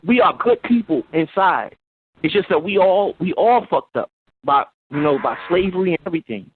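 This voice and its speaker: A man calling in to a show, earnest and pleading, halting with fillers as he speaks. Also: high-pitched, lively intonation, slight background noise. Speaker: caller. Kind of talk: call-in phone talk. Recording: tinny phone line.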